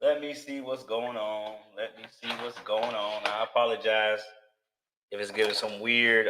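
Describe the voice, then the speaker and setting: Male livestream host, bright, forceful voice, chatty and repetitive, slang-heavy. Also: lowish voice, level tone, moderate pace. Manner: loose, slangy, repeats himself, thinks aloud. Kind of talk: casual live-stream chat with viewers.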